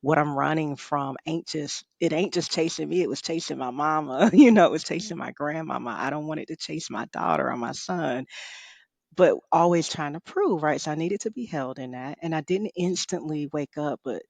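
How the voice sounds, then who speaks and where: A middle-aged woman and author, a guest telling a personal story in a conversation, expressive, laughing often and saying "you know" a lot. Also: low-pitched, normal speed, vocal fry, no echo. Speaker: author and rest coach, guest.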